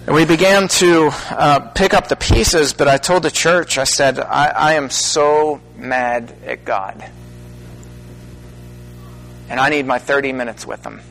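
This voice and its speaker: A middle-aged minister speaking earnestly to an audience, with halting pauses that build into emphatic stresses. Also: male voice, on the high side, creaky, a bit bright, low-quality recording. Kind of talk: personal testimony talk to an audience.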